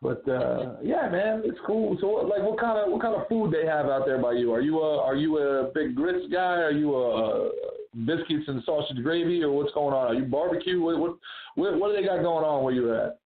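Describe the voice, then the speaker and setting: A man's voice: a little high, moderate pace. A man from New Jersey, a guest comedian in a casual chat, talking loosely with lots of "man" and "you know". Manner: chatty, lots of fillers like "man". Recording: tinny phone-like line.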